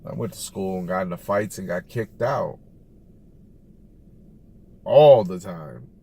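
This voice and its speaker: A man speaking slowly and candidly in a reflective personal monologue, recorded with loud car noise around him. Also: sits low, vocal fry. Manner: slow, thoughtful, candid. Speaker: realtor talking about family.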